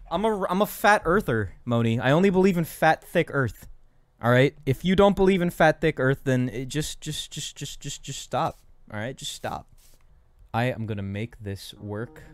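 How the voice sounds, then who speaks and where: A young man chatting loosely to his stream while he builds, his voice sitting at an everyday middle pitch. He drifts into self-mocking jokes and mutters counts to himself. Faint music plays quietly beneath him. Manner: jokey rambling, self-mocking asides to chat; counts out loud under his breath. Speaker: gaming streamer. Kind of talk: casual live-stream commentary while building.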